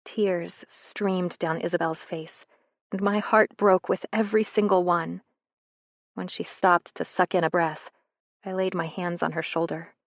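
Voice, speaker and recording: A woman reading a first-person romance novel in a soft, intimate way, as scripted narration. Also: lowish voice, fairly even intonation, measured pace, no echo, clean studio sound. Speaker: audiobook narrator.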